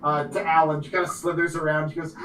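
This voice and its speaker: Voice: mid-range voice, level tone, fast talker, a bit bright. A game master narrating a tabletop game casually, with lots of fillers. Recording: echoey room.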